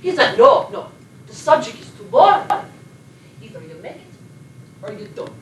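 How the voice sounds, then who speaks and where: An actress playing a sleepless Polish émigré actress who rambles and confides, with a Polish accent, recorded from a distance in an echoey room with noise behind. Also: female voice, high-pitched, very animated, normal speed. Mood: chatty. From Poland. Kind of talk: film monologue.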